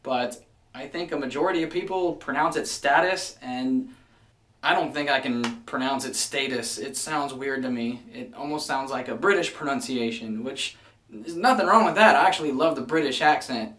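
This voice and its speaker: A man's voice: mid-range voice, normal speed, fairly bright tone. A man talking casually to his viewers in a wry, chatty way. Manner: chatty, wry, fond of mild exasperation. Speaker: vlogger. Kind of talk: casual list video. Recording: echoey room, somewhat far from mic.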